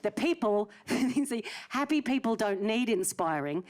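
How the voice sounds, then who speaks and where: A woman's voice: fairly high pitch, animated, a little slow. Cheeky comedian in her forties. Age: early 40s. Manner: cheeky, teasing banter with an audience member. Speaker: stand-up comedian. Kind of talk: live stand-up with crowd work. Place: theatre stage before a live audience. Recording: noisy live theatre recording.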